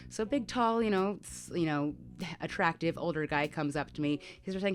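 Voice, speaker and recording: A woman's voice: deep voice, brisk. A woman vlogger telling a personal story to camera in a candid, conversational way, with many fillers. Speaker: mental health vlogger.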